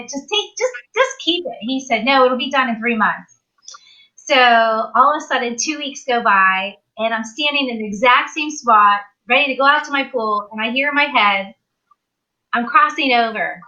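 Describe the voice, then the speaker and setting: A woman guest on a live talk show, telling a personal story in an animated way and acting out the people she quotes. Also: on the high side, dull audio.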